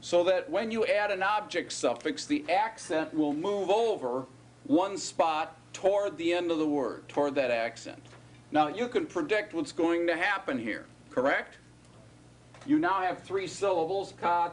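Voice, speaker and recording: There's a little hiss or hum behind this man's fairly high, somewhat slow voice as he teaches Hebrew grammar to a class. He stays conversational, frequently pausing on "right?" or "okay?" to check in with students.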